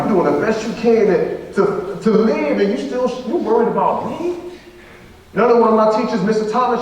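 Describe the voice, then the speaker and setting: A man's voice: sits high, darkish tone. A young man giving a motivational school assembly speech, repeating phrases for rhythm and acting out dialogue. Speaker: motivational speaker. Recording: echoey hall from far off.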